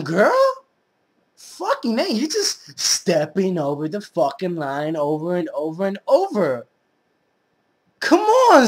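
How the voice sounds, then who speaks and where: A young adult vlogger in a blunt, profane, rambling rant to the camera, full of fillers and restarts. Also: medium pitch. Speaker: YouTube vlogger. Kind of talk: casual ranting monologue.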